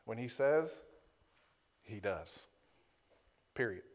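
A man's voice: lowish voice, expressive, slow. A male pastor preaching to a congregation in a church, reading Scripture aloud, explaining Hebrew and Greek words and often ending his points with a rhetorical "right?". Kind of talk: sermon.

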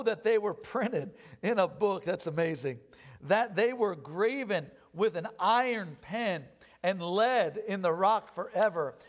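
A man preaching a sermon, reading scripture aloud slowly and with rising emphasis between plain explanations. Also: high-pitched.

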